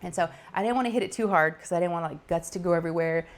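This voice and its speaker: Crafting host, woman, middle-aged, lively chatty storyteller who does the voices. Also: lowish voice, very fast. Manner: animated, laughing, acts out quoted voices. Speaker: diamond painting channel host. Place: home craft table.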